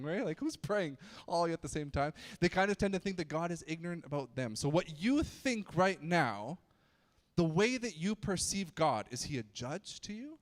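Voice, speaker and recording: A man preaching to a youth group in a loose, joking way, often stumbling and restarting his sentences. His voice sits a bit higher than usual for a man. The sound carries a long reverb, as in a big church hall. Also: animated, moderate pace. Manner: chatty, joking, frequent restarts and stammers. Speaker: youth pastor. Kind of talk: casual youth sermon.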